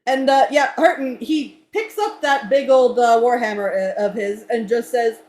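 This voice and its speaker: A woman narrating a tabletop game as game master, chatty and quick to laugh. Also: on the high side, a little mellow. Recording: echoey room.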